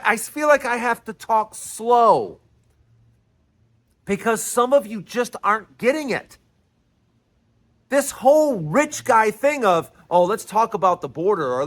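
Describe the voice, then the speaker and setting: A man's voice: extremely high pitch, fairly bright tone. A man hosting his own show, delivering an emphatic, repetitive political monologue as if lecturing his listeners. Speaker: host.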